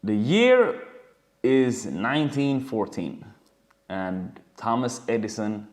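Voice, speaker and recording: A man's voice: mid-range voice, takes it slowly. Guy coaching dancers on a webinar, tells stories all worked up, swears a lot, regular mid voice. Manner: animated storytelling, swears freely. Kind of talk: casual webinar talk.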